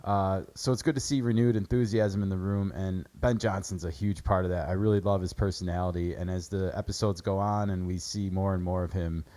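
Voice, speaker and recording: Low-ish voiced guy chatting about draft picks, lots of um and uh. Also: fairly even intonation, fairly quick, hardly any pauses, dark tone. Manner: chatty, many fillers. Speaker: sports podcast host. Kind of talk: casual sports analysis.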